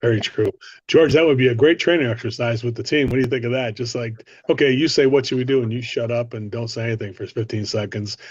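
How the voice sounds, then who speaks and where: A man's voice: mid-range voice, fairly even intonation, quick pace, darkish tone, breathy edge, no room sound. Lo-fi dry male sales coach. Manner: coaching, asks others for their views. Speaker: host and sales trainer. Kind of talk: casual group discussion.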